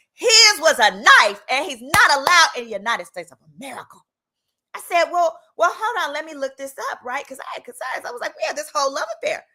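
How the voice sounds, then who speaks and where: Sassy, bright-voiced woman telling a story. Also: fairly high pitch. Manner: animated, sassy, jumps into voices for quoted people. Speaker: host, attorney. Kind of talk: casual storytelling.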